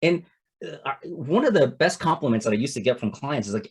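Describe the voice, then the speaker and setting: Man, 40s, from Toronto, Canada. Husky voice, conversational coaching delivery, leans on "it's like" and "right?". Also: medium pitch, expressive, a little fast. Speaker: capital-raising coach. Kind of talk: casual instructional talk with anecdotes.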